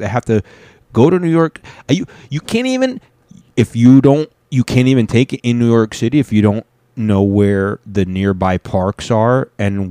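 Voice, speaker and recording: Man, streamer-style reaction chat, low voice, dry close sound, loose and profane. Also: dark tone, no echo. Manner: rambling, swears a lot, restarts. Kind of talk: casual profane reaction commentary.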